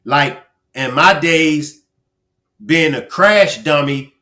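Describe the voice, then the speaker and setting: Man, live-stream host, bright forceful voice, somewhat high, emphatic, repeats himself. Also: takes it slowly, pauses often. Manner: talks straight to chat viewers, emphatic, repeats phrases. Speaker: livestream commentary host. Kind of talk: casual live-stream commentary.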